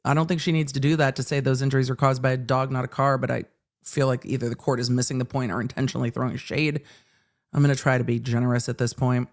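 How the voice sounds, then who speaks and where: A woman's voice: extremely low pitch, fast talker. A woman hosting a live legal commentary stream, ranting with swearing and acting out courtroom exchanges. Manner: animated ranting with profanity and acted asides. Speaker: host.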